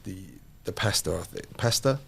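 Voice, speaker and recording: Guy hosting a podcast, lowish gravelly voice, tells stories and repeats himself for emphasis. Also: normal speed. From London. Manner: animated anecdote teller, repeats phrases for emphasis. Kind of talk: casual storytelling chat.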